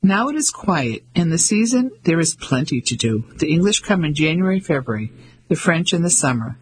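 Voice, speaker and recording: Man playing a relaxed, shrugging French chef, husky voice. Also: a little high, normal speed, poor audio.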